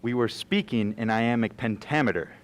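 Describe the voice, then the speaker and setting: A man's voice: medium pitch, moderate pace, a little hiss or hum, close to an everyday voice. A young man playing a troupe member who opens a school stage play, reciting in a theatrical way. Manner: theatrical, verse-reciting delivery.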